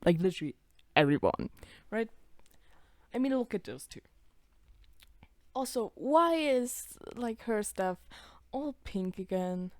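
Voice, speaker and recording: Lively sweary young woman reacting. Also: mid-range voice, takes it slowly, pauses often, no echo, studio quality. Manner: sweary, laughing, reads character lines in put-on voices. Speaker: YouTuber reacting to her old videos. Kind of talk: casual reaction commentary.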